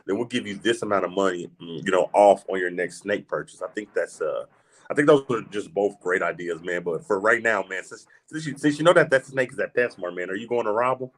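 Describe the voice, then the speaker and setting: A man's voice: low voice, brisk. A man hosting a casual livestream chat about reptiles, laid-back, swearing freely and calling everyone "man". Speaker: podcast host.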